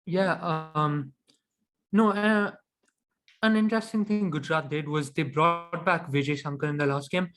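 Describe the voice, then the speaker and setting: Male podcast co-host with a higher voice, chatty and opinionated, with frequent ums. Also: a little slow, a bit bright. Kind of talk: casual cricket chat.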